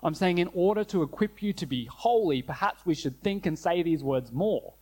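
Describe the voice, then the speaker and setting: A man preaching a sermon, earnest, slowing down and dropping low to stress key phrases. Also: lively intonation, darkish tone. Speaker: pastor.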